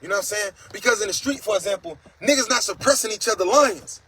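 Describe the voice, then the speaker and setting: A man's voice: high voice, animated, fast talker, sharp tone, slight background noise, low-quality recording. A man hosting a casual livestream monologue, talking in a blunt, profane and preachy way, reading out viewer comments. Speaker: host.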